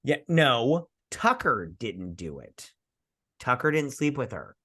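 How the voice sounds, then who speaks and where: Tipsy male co-host, crude and rambling, lively pitch swings. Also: slow, breathy edge. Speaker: podcast co-host. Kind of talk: casual drunk movie review chat.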